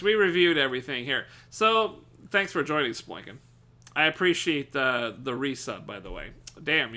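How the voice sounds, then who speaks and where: Streaming live, a man with a fairly high voice chats casually with his viewers, cursing freely and laughing often. When he gets excited, he yells at chat.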